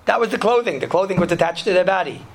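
A rabbi teaches students in a relaxed, chatty lesson, telling lively stories and laughing as he goes. His voice sits high for a man, with a gravelly fry. Hebrew and Yiddish terms run through his talk. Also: quick pace, slight background noise. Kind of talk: casual Torah lesson with stories.

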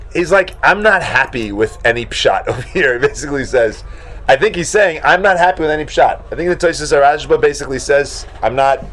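A man teaching a Talmud class to students, animated, acting out shocked exclamations and talking casually with many fillers. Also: on the high side.

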